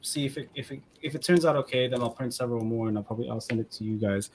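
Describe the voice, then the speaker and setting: A man with a mid-range voice hosts a model-building stream, chatting casually while a crowd can be heard behind him. His talk rambles and halts, with frequent restarts.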